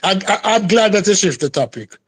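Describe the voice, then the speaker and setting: A man's voice: high-pitched, expressive, a little fast, noisy background. A man on a live discussion panel who argues hotly and keeps repeating the same insults and phrases. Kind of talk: heated live panel argument.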